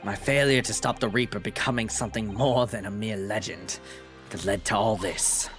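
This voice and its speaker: A woman voicing a stern, brooding aristocratic male prosecutor in a game, speaking gravely and quietly. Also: very deep voice, steady tone, normal speed, music in the background, voice pushed down.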